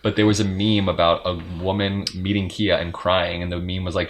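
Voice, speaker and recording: A man's voice: sits low, flat delivery, a little fast. A man hosting a podcast in casual chat, talking in a chatty, meandering way with plenty of filler words. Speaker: podcast host.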